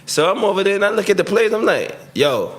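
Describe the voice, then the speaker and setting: A man's voice: high-pitched, very animated, quick pace. A man, a former football player, casually telling a long story on a sports talk show and acting out the quoted lines. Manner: laid-back storyteller who acts out quotes, laughing as he talks.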